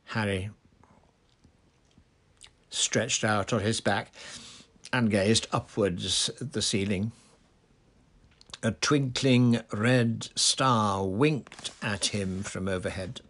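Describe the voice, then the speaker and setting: A man narrating a storybook chapter in an unhurried, even way. His voice sits low, and he lets each sentence settle before moving on. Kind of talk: audiobook narration.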